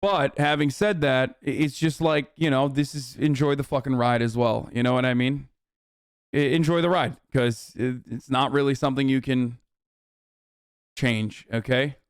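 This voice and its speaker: A man's voice: medium pitch, moderate pace, clean tone, dry recording, clean studio sound. Profane, rambling male streamer. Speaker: streamer and political commentator. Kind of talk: live stream commentary.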